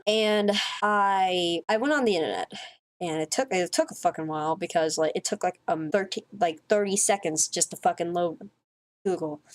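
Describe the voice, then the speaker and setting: A woman vlogger telling a rambling, profane story in a casual monologue, full of swearing, fillers and restarts. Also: lowish voice.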